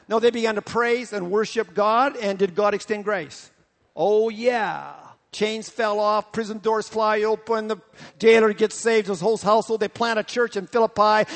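High-voiced man preaching a sermon. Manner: animated storytelling, repetitive. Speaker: pastor. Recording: long reverb of a hall.

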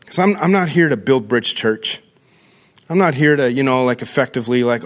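A middle-aged man, a pastor giving an energetic, story-driven talk to a church crowd and calling them "guys". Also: medium pitch, normal speed.

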